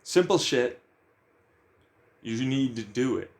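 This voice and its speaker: A man's voice: medium pitch, lively intonation, takes it slowly. A man talking bluntly about emotions in a casual, profane monologue, firing questions at himself.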